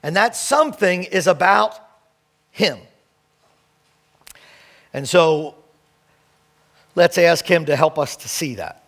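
A middle-aged man preaching as pastor, telling stories in a lively way and acting out greetings, then leading a reverent prayer. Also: fairly high pitch, slow, pauses often. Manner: animated storytelling, acts out greetings. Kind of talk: sermon.

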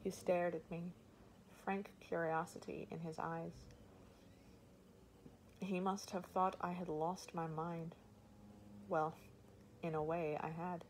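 A woman's voice: on the low side, level tone, takes it slowly, long pauses, a little hiss or hum, low-quality recording. A woman reading a first-person novel aloud as audiobook narration. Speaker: audiobook reader.

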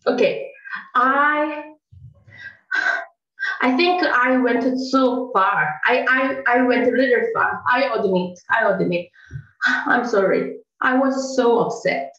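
A woman's voice: fairly high pitch, fairly bright tone, echoey room, muffled recording. A woman in an improv scene playing an indignant coworker passed over for promotion, talking dramatically. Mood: apologetic. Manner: dramatic, indignant, bursts into mock crying. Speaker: improv performer. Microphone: online call.

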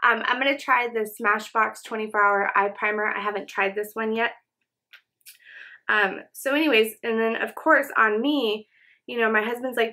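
Bright-voiced woman rambling in a beauty vlog. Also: mid-range voice, steady tone, normal speed. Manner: rambling, many fillers like "um" and "you know". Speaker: beauty vlogger. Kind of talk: casual get-ready-with-me chat. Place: home, indoors.

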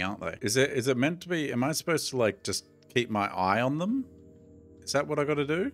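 A man's voice: mid-range voice, big pitch swings, brisk, fairly bright tone, faint music behind. A middle-aged man with an Australian accent gives chatty, jumpy commentary while playing a horror game and talks to his viewers. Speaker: gaming YouTuber.

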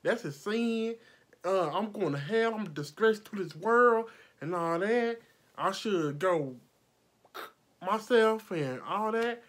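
A woman voicing an indignant, preachy churchgoing woman in a storytime vlog, raising her pitch into a self-pitying wail. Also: expressive, slow pace.

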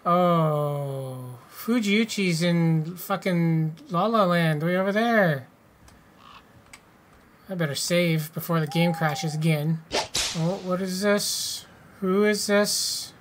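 A man's voice: high-pitched, slow pace, a bit bright. A man hosting a casual let's-play, joking, swearing and reading game text aloud. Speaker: gaming channel host.

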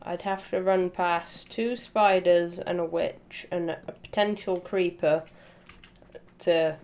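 A woman co-hosting a game stream, chatting casually, excitable and quick to laugh and swear. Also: on the low side. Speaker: co-host gaming streamer. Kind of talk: casual gameplay banter.

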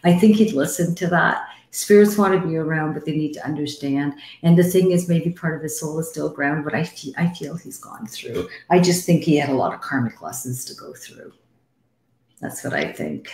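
A low-voiced, middle-aged woman hosts a live psychic call-in show and speaks to callers bluntly and warmly, swearing without a second thought. Her voice carries a roomy echo. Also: animated, normal speed. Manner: blunt and frank, swears, calls callers sweetie. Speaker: psychic medium host.

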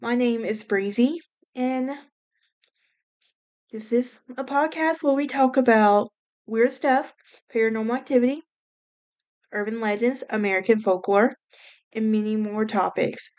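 A woman's voice: a little high, measured pace, long pauses, a little mellow. A woman from Alabama with a Southern US accent, hosting a casual solo podcast in a chatty, rambling way with wry asides and a mild speech impediment. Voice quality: self-described speech impediment. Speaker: podcast host.

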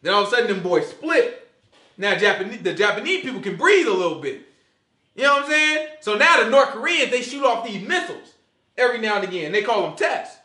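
Fast, bright-voiced man teaching scripture. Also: high-pitched, reverberant. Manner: loose, slangy, keeps asking "you know what I'm saying?"; animated, acts out quoted voices and laughs along. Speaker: Bible teacher. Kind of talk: casual Sabbath teaching.

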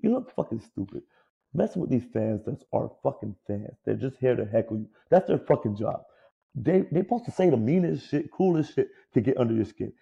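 A man co-hosting a casual sports podcast, ranting in a profane, animated way. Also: medium pitch, brisk, gravelly, slightly rough, lo-fi sound. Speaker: podcast co-host.

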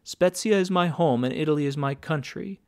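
A man's voice: on the high side, moderate pace, close to an everyday voice. A man reading an audiobook voices a flirtatious Italian restaurant woman who speaks in broken English. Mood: coaxing.

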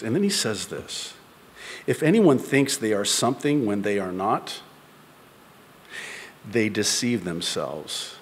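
A male pastor preaching a sermon to a congregation in a church, moving from loud, high-pitched exhortation down to soft whispers. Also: in a large hall. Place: church before a live congregation.

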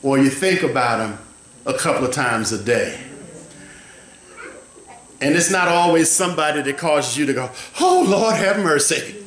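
A male pastor preaching a sermon in a church, with drawn-out, emphatic phrasing that rises into shouted, chanting passages. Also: mid-range voice. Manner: rising to shouted, chanting preaching with a call-and-response rhythm. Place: church sanctuary. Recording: echoey church room.

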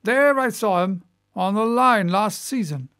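A man's voice: high-pitched, unhurried, a bit bright, no echo, studio quality. A man voicing a good-humoured one-armed captain. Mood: storytelling. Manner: chatty, good-humoured yarn-spinning. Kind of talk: audiobook character reading.

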